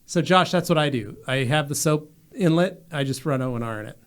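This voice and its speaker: A man with a slightly higher voice co-hosting a casual studio show. He reads out chat questions between jokes and ribbing, in an easy, bantering way. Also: expressive, fairly quick. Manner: joking, teasing, puts on mock drawls. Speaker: podcast co-host reading chat questions.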